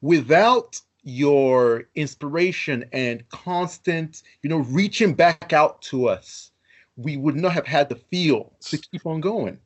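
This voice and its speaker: A man hosting a podcast interview, earnest and deliberate as he asks questions. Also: fairly high pitch, lively intonation. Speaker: podcast host.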